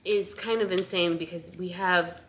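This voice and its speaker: A woman's voice: on the low side, fairly even intonation, normal speed, a bit bright, slight background noise. A young woman chatting casually to camera in a vlog, a bit out of breath, with frequent ums and restarts. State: a little out of breath. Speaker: vlogger sharing pregnancy updates.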